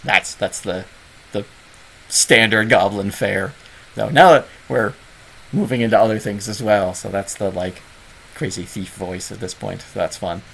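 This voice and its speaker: Rambling Canadian man with a gravelly voice. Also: on the low side, measured pace, a bit bright, poor audio. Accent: Southern Ontario Canadian. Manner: rambling, self-deprecating, many fillers. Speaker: host of a gaming club's online office hours. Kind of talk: casual livestream chat.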